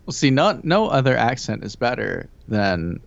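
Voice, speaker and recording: A man's voice: mid-range voice, very animated, moderate pace, vocal fry. A laid-back man who drifts through his sentences, repeating words as he goes and chuckling along. His voice comes through a slightly dull, lo-fi recording. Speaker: podcast co-host. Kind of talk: casual chat.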